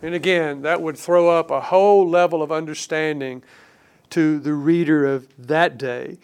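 A man preaching a sermon, earnest and emphatic, leaning hard on key words and slowing down to stress them. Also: fairly high pitch, smooth. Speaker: pastor.

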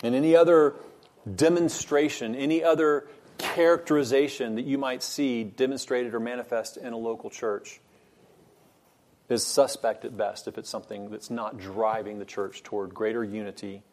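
A man teaching a Bible study lesson, earnest and measured, stressing points by repeating phrases. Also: mid-range voice, fairly even intonation, darkish tone.

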